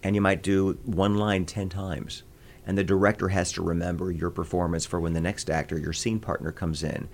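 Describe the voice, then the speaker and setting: Low-voiced man, animated storyteller. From Midwest United States. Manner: animated storyteller, quick bursts of voices and laughter. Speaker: voice actor guest. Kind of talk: interview conversation.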